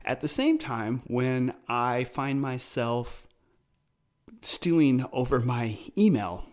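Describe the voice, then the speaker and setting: A man's voice: mid-range voice, very animated, slow. A man hosting his own podcast, talking casually and explaining ideas through personal stories. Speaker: podcast host. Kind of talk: casual solo podcast talk.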